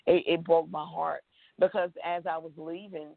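Woman, Texan accent, emotional storytelling, gravelly, phone-quality audio. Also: sits low, level tone, moderate pace, no echo. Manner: emotional, tells it with acted-out quotes. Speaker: guest. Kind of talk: recounting her story in an interview. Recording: tinny phone line.

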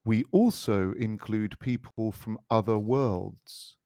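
A British man co-hosting a podcast, rambling through jokes in a playful, deadpan way. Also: on the low side, slow, no room sound, clean studio sound. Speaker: podcast co-host. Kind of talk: casual comedic chat.

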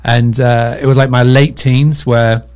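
A man with a Northern English accent, a podcast guest telling his story in relaxed chat with frequent fillers. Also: mid-range voice, unhurried. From England. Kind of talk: casual interview chat.

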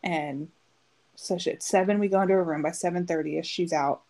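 A woman's voice: lowish voice, fairly quick, darkish tone, low-quality recording. A woman in her thirties, a podcast co-host telling a long story in casual chat and acting out the quotes. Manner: chatty storytelling, acts out quotes.

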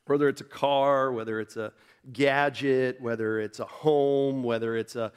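A man's voice: mid-range voice, fairly even intonation, a little slow, smooth. A man preaching a sermon in a conversational style, acting out quoted voices and building to emphatic peaks. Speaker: pastor.

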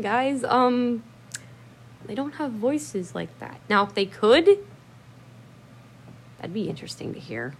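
A woman's voice: on the high side, slow, long pauses, breathy edge. A woman hosting a podcast, telling stories in a casual chat, blunt and profane, laughing often and acting out quotes. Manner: acts out quotes with lively voices. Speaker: podcast host.

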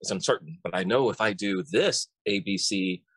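A man's voice: deep voice, normal speed, husky, dry recording. A man who works as a coach, chatting casually and talkatively, often restarting and repeating words. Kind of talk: casual podcast conversation.

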